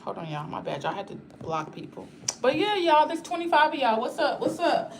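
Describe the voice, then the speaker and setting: A woman's voice: high voice, big pitch swings, fairly quick, creaky, slight background noise. A woman chatting casually on a livestream, rambling and talking straight to her viewers in a blunt, outspoken way.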